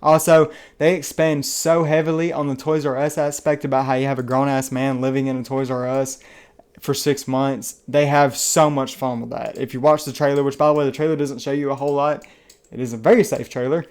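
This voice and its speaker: A man's voice: medium pitch, level tone, brisk, a little mellow, clear, resonant tone. A man from the American South with a Southern accent, giving a casual spoken movie review in an earnest, enthusiastic, rambling way that often restarts its phrases. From Southern United States. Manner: rambling and chatty, restarts phrases, many fillers. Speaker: film reviewer.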